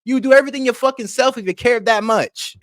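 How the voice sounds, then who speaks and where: A man's voice: very high voice, brisk, a bit bright, no room sound, studio quality. A man giving casual reaction commentary, brash and mocking, swearing and laughing as he talks back at a video. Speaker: reaction streamer.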